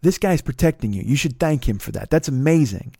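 A man putting on the voice of an excitable, friendly drunk young man who gushes and repeats himself. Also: mid-range voice, brisk, gravelly, husky, no echo, clean studio sound. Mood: effusive. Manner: effusive, gushing, repetitive.

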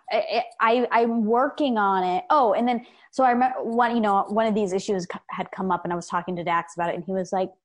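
A young adult woman, a podcast guest, talking openly and reflectively with many fillers and restarts. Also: mid-range voice. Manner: open, self-reflective, frequent fillers and restarts. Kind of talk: candid conversational interview.

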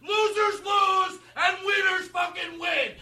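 A man's voice: very high voice, a little slow, pushed and bright, roomy sound, recorded from a distance, pitched above the performer's own voice, full character voice. A man voicing a furious sideline coach who bellows profane rants at his team. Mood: raging.

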